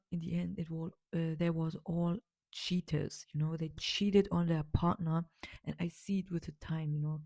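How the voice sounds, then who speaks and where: A woman with a low, dark voice hosts a casual solo podcast monologue, recorded with no room sound. She rambles emphatically, packing her speech with fillers and repeated words.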